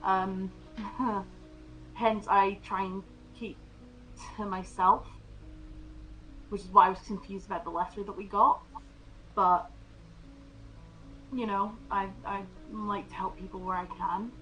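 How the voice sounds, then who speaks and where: A woman playing a tabletop role-playing game, speaking in character with hesitant pauses and fillers. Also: medium pitch, level tone, a bit bright, muffled recording, soft background music.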